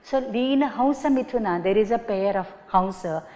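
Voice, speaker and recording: A woman's voice: medium pitch, normal speed, dark tone. A middle-aged woman with an Indian English accent lectures as a professor in a webinar, explaining patiently and asking rhetorical questions. Her speech is full of "you know" and "uh" as she works through each point. The recording carries a long reverb tail. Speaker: Sanskrit professor giving a talk.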